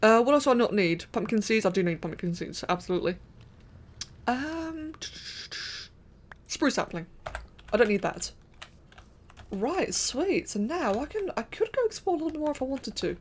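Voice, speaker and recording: A young woman giving chatty, excitable let's-play commentary, thinking aloud and talking to the characters on screen. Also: fairly high pitch, moderate pace, long pauses, slight background noise. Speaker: gaming channel host.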